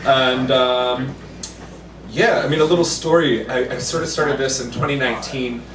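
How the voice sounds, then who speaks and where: A man at an open mic introducing his song, polite and halting with many pauses. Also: medium pitch. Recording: roomy, distant, with background noise.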